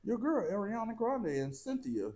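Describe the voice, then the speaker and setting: A man's voice: sits high, big pitch swings, moderate pace, crowd noise. A man co-hosting a gossip talk show, blunt and casual, swearing freely. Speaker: co-host. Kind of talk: casual celebrity gossip chat.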